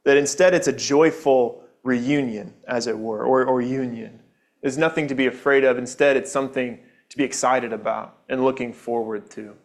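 Man, pastor, sermon in a church, earnest and conversational, average pitch. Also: fairly even intonation, moderate pace. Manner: earnest, conversational preaching with rhetorical questions. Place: church building.

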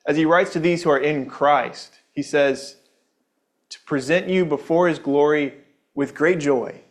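A man's voice: fairly high pitch, unhurried. A man giving a sermon in a church, speaking earnestly and conversationally, posing rhetorical questions to the congregation. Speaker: pastor. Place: church building.

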